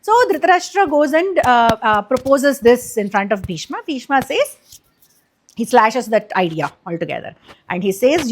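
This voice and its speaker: A woman's voice: fairly high pitch, very animated, normal speed, a little hiss or hum. A woman casually retelling an epic for kids, chatty and explanatory, with many fillers and restarts. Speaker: storyteller, channel host.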